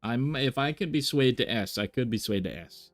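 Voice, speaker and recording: A man's voice: mid-range voice, animated, normal speed, soft background music. A man chatting casually on a live stream, thinking aloud with many fillers and restarts. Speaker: reaction streamer.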